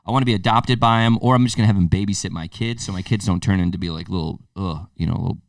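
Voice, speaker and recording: Low-voiced man telling a rambling story. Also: racing, gravelly, no room sound, clean studio sound, far from the mic. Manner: rambling, laughs through his stories. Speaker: podcast co-host. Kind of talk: casual chat.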